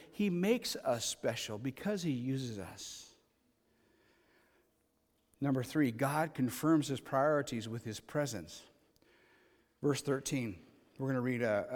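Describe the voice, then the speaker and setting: Animated preacher, high voice, echoing hall. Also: male voice. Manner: animated preaching, reads scripture aloud and acts out paraphrased dialogue. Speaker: pastor. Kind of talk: sermon. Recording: long hall reverb.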